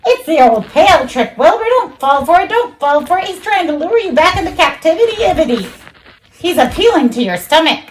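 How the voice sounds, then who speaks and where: A woman voicing a frantic, bossy farmyard goose in a storybook, shrill and repeating herself. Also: big pitch swings, brisk, a little hiss or hum. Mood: urgent.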